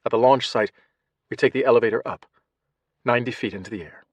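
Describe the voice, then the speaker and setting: A man narrating an audiobook in first person, measured, shifting between hushed and tense passages. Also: mid-range voice, dry recording.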